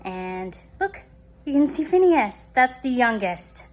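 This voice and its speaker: A woman's voice: fairly high pitch, big pitch swings, takes it slowly. A woman talking casually to her phone camera at home in a chatty, giggly, self-mocking way. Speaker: vlogger.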